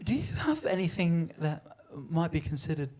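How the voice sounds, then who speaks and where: A man's voice: fairly high pitch, very animated, normal speed, a little mellow. A young man performing a stand-up comedy set, telling a story and acting out the voices of the people in it. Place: comedy venue on stage.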